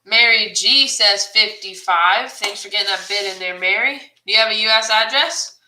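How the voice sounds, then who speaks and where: Bright, chatty woman auctioneer. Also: medium pitch, normal speed, slight background noise. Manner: laughing, chatty, reads viewer comments and bids. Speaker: live auction co-host. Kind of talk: live-stream auction chat. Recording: roomy echo.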